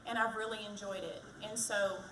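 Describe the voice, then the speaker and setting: A chatty Texan woman running for county treasurer gives a campaign stump speech at a fire department community event, joking with the crowd and poking fun at herself. Her voice is medium-pitched and steady, at a moderate pace. The distant mic leaves the recording echoey, with background noise.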